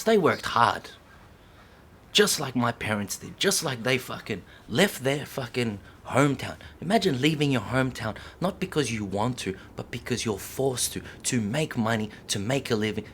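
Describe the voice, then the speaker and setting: A man delivers an impassioned rant straight to camera, packed with swearing. He swings between loud, heated outbursts and low, hissed whispers, and his voice sits at an average male pitch. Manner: heavy swearing, repeats lines for emphasis. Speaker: breakdancer.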